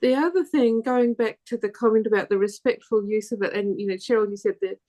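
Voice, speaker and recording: A woman's voice: mid-range voice, brisk. A woman with a New Zealand accent speaking as a panelist, chatty and rambling, with many restarts and self-corrections. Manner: laughs easily, animated when indignant. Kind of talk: panel discussion.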